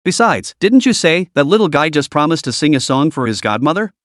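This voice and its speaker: A man voicing a calm, proud young father who talks in a reassuring way. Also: a little high, fairly quick, dry recording, clean studio sound.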